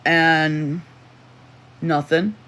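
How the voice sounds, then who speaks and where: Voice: mid-range voice, flat delivery, very slow, sharp tone. A livestream host telling a personal story in casual chat, rambling with restarts and asides while reading the chat aloud. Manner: rambling, with self-interruptions and restarts.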